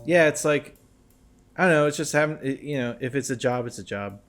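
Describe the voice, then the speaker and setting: A man's voice: medium pitch, a little fast, soft background music. A man co-hosting a casual bar chat, talking loosely with many restarts and fillers. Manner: chatty, lots of likes and restarts. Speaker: co-host.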